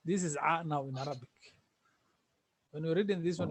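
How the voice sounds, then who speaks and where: Man, online teacher, patient and repetitive, slightly high voice, dry close sound, video call. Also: brisk, breathy edge, dry recording. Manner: patient, repeats sounds for students. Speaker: Arabic teacher.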